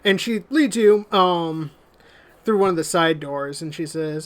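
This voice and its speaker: A man narrating a tabletop game as game master in a relaxed way, often pausing on "uh". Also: on the high side. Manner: relaxed, many "uh" fillers.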